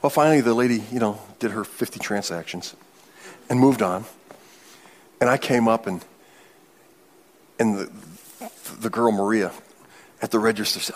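Male pastor, middle-aged, husky tone, lively storytelling sermon delivery. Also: lowish voice, normal speed, pauses often. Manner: storytelling, animated, laughs often.

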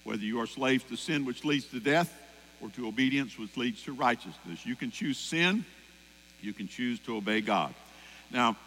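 A man preaching a sermon, animated, acting out voices and singing lines. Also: medium pitch. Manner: animated, acts out voices and sings song lines. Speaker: pastor. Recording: long hall reverb with mains hum.

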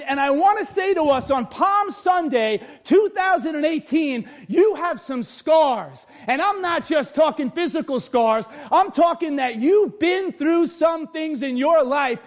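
A man preaching a lively sermon in a church hall with bleachers. His voice sits very high, and he often breaks into shouts as he tells funny stories about himself. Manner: animated, often shouting, joking storyteller. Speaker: pastor.

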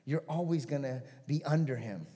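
A man voicing an elderly dying father who is giving his son a blessing, in a low and subdued storytelling voice. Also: normal speed, dark tone, natural voice. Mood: solemn. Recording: long church hall reverb.

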